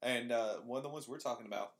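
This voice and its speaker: A man co-hosting a casual podcast, joking with quick asides. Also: medium pitch. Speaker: podcast co-host. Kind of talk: casual chat.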